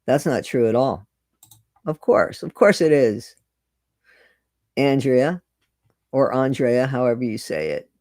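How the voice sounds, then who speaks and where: A man's voice: medium pitch, very animated, normal speed, darkish tone, no echo. A middle-aged man chatting casually with viewers on a live stream, greeting them by name and repeating his phrases.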